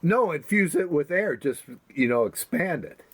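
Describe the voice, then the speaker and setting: A man's voice: on the high side, sing-song, moderate pace, a bit bright, husky. A man co-hosting a comedy podcast, chatting casually and easygoing, laughing along with his partner. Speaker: podcast co-host.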